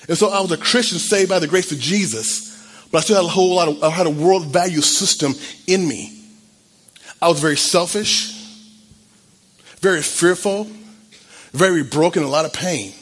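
A man's voice: fairly high pitch, husky. A man in his fifties, a church pastor, gives an earnest and emotional sermon, stumbling and restarting as he tells his own story.

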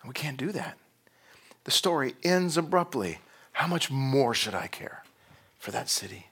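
A man's voice: mid-range voice, big pitch swings, measured pace, husky. A man preaching a sermon, emotional, moving between raised passages and near-whispered ones. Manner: emotional, swinging between loud and hushed. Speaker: pastor.

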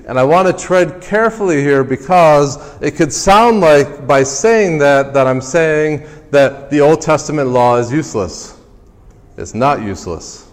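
A man delivers a sermon as pastor, pushing his voice up on key phrases and then dropping it low and quiet. His voice is of medium pitch for a man. It rings out with the long reverb of a large hall. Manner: emphatic preaching, climbs louder and higher on key phrases then drops low.

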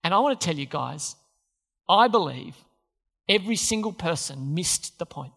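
Pastor preaching in a reverberant church. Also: male voice, on the high side, animated, moderate pace, gravelly, a bit bright. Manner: conversational preaching with questions to the congregation. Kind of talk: sermon. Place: church hall. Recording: hall reverb.

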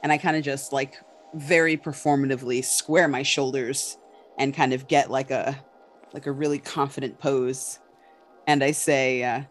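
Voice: mid-range voice, fairly even intonation, normal speed. A tabletop player describing their actions with many fillers and restarts. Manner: hesitant, filler-heavy, reflective.

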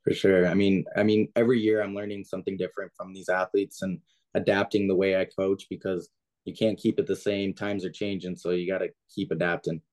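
Deep, flat and a little fast, this darkish voice belongs to a young diving coach being interviewed on a podcast. He keeps things casual and plain, leaning heavily on "like" and "kinda."

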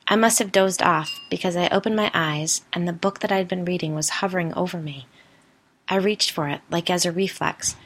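A woman reading the part of a haunted young woman who tells her story in a quiet, matter-of-fact way. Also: on the low side, lightly acted.

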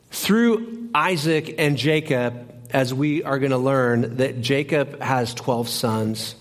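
A young man preaching a sermon as pastor in a church, telling stories in an animated way and acting out both sides. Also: mid-range voice. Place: church sanctuary.

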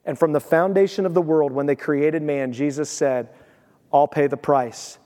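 High-voiced man preaching in a reverberant hall. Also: fairly even intonation, moderate pace, dark tone. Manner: emphatic, conversational preaching with asides. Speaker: pastor. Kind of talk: sermon.

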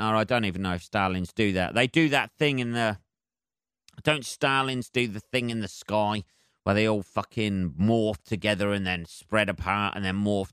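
A man's voice: medium pitch, fairly bright tone, clean tone, dry recording, clean studio sound. A man hosting a solo comedy podcast, ranting sarcastically and swearing a lot as he rambles from one point to the next. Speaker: podcast host.

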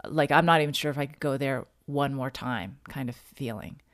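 Woman storyteller, low pitch, dry close sound, halting and reflective. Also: no room sound. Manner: halting, reflective, frequent restarts. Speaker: podcast guest sharing a personal story. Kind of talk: conversational personal storytelling.

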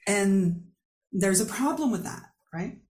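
A woman's voice: mid-range voice, slow. A woman hosting a podcast interview, telling a personal story openly, often laughing as she speaks. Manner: open, laughing, animated storytelling. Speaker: podcast host. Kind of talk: candid conversational interview.

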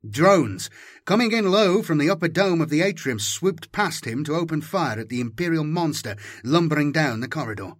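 A man's voice: fairly high pitch, normal speed, dry recording. A man doing dramatic scripted audiobook narration on a close mic. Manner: dramatic, animated storytelling.

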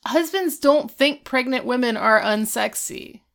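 A woman's voice: sits high, unhurried, vocal fry. A woman co-hosting a casual podcast, chatting through a TV episode recap and quoting the characters as she goes. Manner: animated, quotes characters in little voices. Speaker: podcast co-host.

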